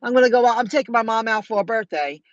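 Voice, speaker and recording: A middle-aged woman telling viewers about her delivery rounds in a chatty, animated way, acting out what people said. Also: fairly high pitch, fast talker, no room sound, lo-fi sound. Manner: chatty, animated retelling with quoted dialogue. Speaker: food delivery driver vlogger. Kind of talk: casual storytelling to viewers.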